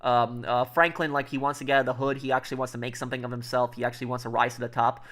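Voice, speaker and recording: A man talks quickly and casually to his live stream viewers, his voice sitting at an ordinary middle pitch. He rambles, with frequent fillers and restarted sentences. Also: little pitch movement, a bit bright. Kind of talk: casual livestream chat.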